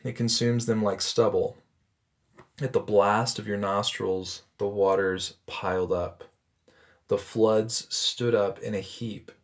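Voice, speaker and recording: A man reading a Bible passage aloud and stopping to explain it in a relaxed, conversational way, with frequent ums and self-corrections. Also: lowish voice, slow. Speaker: Bible teacher. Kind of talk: scripture reading with commentary.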